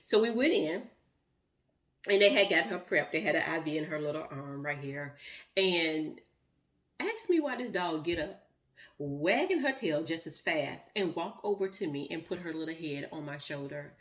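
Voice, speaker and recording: A woman's voice: sits low, animated, normal speed. A middle-aged woman, telling a heartfelt personal story in a rambling, emotional way with many fillers. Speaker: vlogger.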